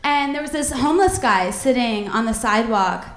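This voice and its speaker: A young woman doing a self-deprecating stand-up routine with wry deadpan asides on a comedy club stage, into a handheld mic. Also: on the high side, moderate pace, roomy sound.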